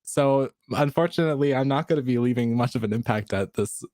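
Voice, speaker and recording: A man's voice: mid-range voice, a little fast, a little mellow, dry recording, clean studio sound. A man juror on a video call, speaking casually, joking and laughing through a brief speech. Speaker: jury member.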